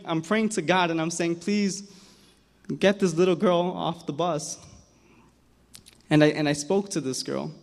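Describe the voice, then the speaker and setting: A young man telling a personal story on stage at an awards event, earnest and emotional, often repeating words as he goes. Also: on the high side. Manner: earnest, emotional, halting repetitions. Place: large hall. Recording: hall reverb from a big room.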